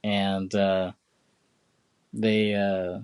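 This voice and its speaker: A man with a fairly low voice chats casually on a podcast. He rambles through the story with lots of fillers and slips into quick imitations of the characters. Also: level tone, darkish tone, clear, resonant tone. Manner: rambling retelling, many fillers and put-on quotes. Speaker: podcast co-host. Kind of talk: casual chat.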